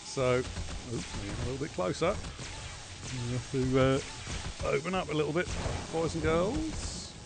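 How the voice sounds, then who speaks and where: A man's voice: a little high, lively intonation, a little slow, gravelly, long pauses, music in the background. A man streaming a game, chatting casually with rambling, sardonic and profane asides. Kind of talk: casual gameplay chat.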